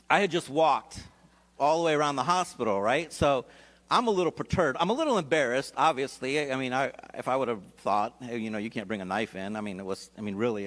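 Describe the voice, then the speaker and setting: A pastor telling a personal story in a sermon, talking casually and animatedly, with many restarts. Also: male voice, medium pitch, fairly bright tone. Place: church sanctuary.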